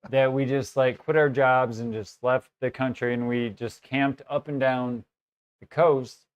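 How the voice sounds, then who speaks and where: A man's voice: medium pitch, level tone, unhurried, smooth, muffled recording. A man with a Chicago accent, a guest telling a rambling story in casual chat and laughing often.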